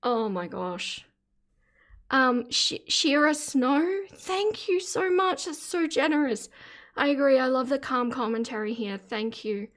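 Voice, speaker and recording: A woman's voice: high voice, animated, a little slow, a bit bright. A woman hosting a live stream, chatting casually with her viewers and thanking them again and again for donations, often laughing and flustered. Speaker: livestream host.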